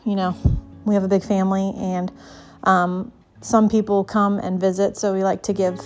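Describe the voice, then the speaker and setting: A woman's voice: mid-range voice, little pitch movement, normal speed, darkish tone, soft background music. A young woman chatting through a casual home cooking voice-over, a little out of breath, rambling with lots of fillers. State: slightly out of breath. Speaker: vlogger, mother of six.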